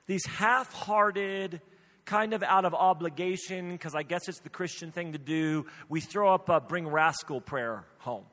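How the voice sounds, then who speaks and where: A male pastor preaching a sermon, telling a funny story in an animated, emphatic way. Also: high-pitched, measured pace, long reverb tail.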